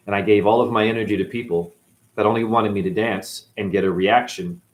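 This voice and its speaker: A man's voice: on the low side, fairly even intonation, brisk. A man from New England as a spiritual teacher, rambling through a profane monologue that swings between mutters and outbursts. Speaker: spiritual teacher, former dancer.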